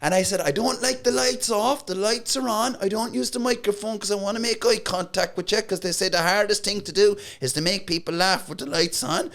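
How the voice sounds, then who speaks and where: Cork comedian, high voice, lively spun-out storytelling with voices. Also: male voice, brisk, hardly any pauses. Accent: Cork Irish. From Cork, Ireland. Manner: animated, acts out voices in his stories. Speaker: guest comedian. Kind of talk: casual storytelling.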